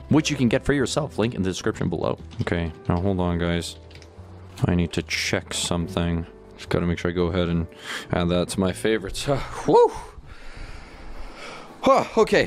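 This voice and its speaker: Animated young man narrating gameplay. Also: on the low side. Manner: animated, jumps between whispers and loud squeals. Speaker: gaming YouTuber. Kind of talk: excited gameplay commentary.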